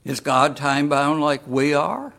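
Slow, deliberate preacher. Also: male voice, a little high, vocal fry, a bit bright. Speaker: pastor. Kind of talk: sermon.

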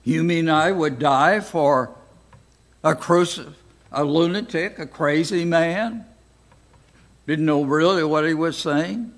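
An older American man teaching a Bible study class, speaking slowly and deliberately with frequent pauses. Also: fairly high pitch. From United States. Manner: slow, deliberate, pausing often.

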